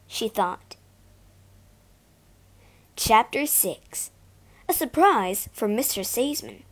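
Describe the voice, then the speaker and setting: A woman reads a story aloud at a slow, careful pace for learners. Her voice is clear and expressive, a little high, with a lively, rising and falling delivery. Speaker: storybook reader.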